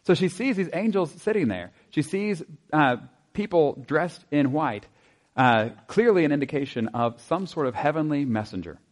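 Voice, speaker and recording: A man preaching a sermon in a conversational way, asking his listeners rhetorical questions and dropping into soft asides. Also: on the high side, lively intonation, moderate pace. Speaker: pastor.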